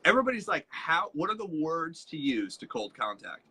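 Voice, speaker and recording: A man talks through a casual live-stream lesson, his voice bright and forceful with a slightly husky edge. He tells stories and often slips into the voices of the people he quotes, animated and a little high. It sounds like an everyday teaching talk. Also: moderate pace, few pauses. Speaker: co-host, leadership trainer.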